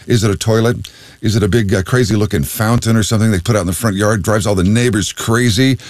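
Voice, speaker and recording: A man's voice: on the low side, steady tone, fast talker, darkish tone, no room sound. A man hosting a radio show, chatting loosely with plenty of fillers as he asks listeners to call in. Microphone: studio mic.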